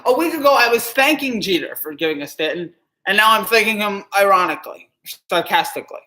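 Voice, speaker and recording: A man's voice: high-pitched, lively intonation, fairly quick, bright, forceful tone, reverberant. A man reacting live to a ballgame as a fan streamer, anxious and pleading, with heavy sighs.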